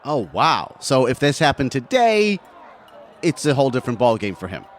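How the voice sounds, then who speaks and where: A man hosting a podcast, chatty and quick to laugh, asking his guest questions. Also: mid-range voice, sing-song. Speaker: podcast host. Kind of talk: casual chat.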